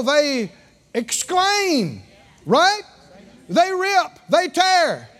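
A man preaching a sermon, drawing answers from his congregation and rising to shouts. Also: very high-pitched, big pitch swings, a little slow.

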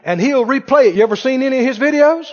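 High-voiced preacher man in a reverberant hall. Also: fast talker. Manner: animated preaching, acting out voices of doubters. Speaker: pastor. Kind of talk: sermon. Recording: dull audio with long hall reverb.

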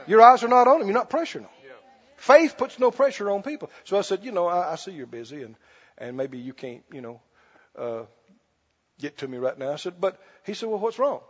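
A man's voice: high-pitched, animated, a little fast, husky, dull audio. A man preaching a sermon as pastor, telling a story, then leading a fervent prayer and praise.

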